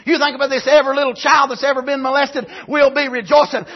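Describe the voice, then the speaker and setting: A man preaching a sermon, swinging from shouted exclamations to low, quiet asides. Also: steady tone, quick pace, hardly any pauses, muffled recording.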